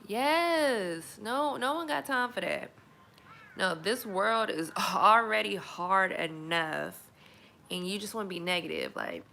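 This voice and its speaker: A woman's voice: lowish voice, gravelly, bright, forceful tone, a little hiss or hum. A young woman, chatting candidly and emphatically to camera as a single mom. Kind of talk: casual chat to camera.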